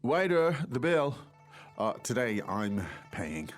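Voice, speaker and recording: A man's voice: medium pitch, very animated, takes it slowly, faint music behind. A man hosting a language lesson podcast, chatting casually with a co-host and hesitating now and then with fillers.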